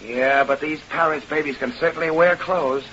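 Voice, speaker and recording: A man's voice: fairly high pitch, fairly even intonation, normal speed, fairly bright tone, lightly acted. A man playing a brash young vaudeville dancer who talks in blustering, ungrammatical slang, in 1930s radio acting. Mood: boastful. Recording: lo-fi old radio recording with faint hiss.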